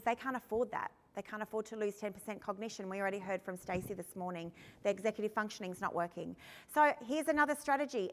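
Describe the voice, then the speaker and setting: A foster carer presents a conference workshop with a lively, candid manner and quick asides. Her voice sits a little high. A long reverb hangs behind her in a large hall. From Australia.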